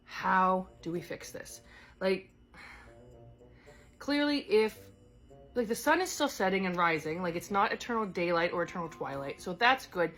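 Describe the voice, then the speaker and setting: Faint music plays behind a woman whose voice sits on the low side, slightly bright, with lively intonation, normal speed, and frequent pauses. She improvises solo as a talkative, displaced goddess who is scattered yet caring, wandering through her words with fillers and corrections of herself.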